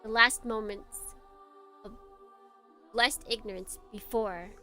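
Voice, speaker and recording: A woman streamer playing a visual novel, laughing at the story and reading its narration aloud in a hushed, dramatic tone. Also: mid-range voice, steady tone, slow, faint music behind. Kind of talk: let's play commentary and dramatic reading.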